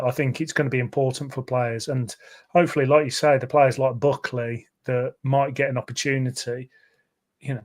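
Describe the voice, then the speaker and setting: Chatty man talking football. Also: medium pitch. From English Midlands. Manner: chatty, rambling with fillers and restarts. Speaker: podcast co-host. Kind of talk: casual football chat.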